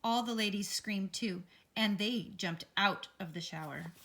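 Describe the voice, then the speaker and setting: A woman reading a children's picture book aloud, expressive and lively. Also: mid-range voice, unhurried. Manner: expressive, lively character voices. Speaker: read-aloud storyteller.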